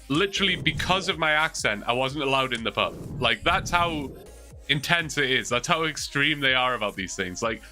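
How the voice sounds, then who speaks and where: Bright-voiced Geordie man telling stories. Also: medium pitch. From Newcastle, England. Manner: rambling storytelling with fillers. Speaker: livestreamer. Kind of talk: casual chat to stream viewers.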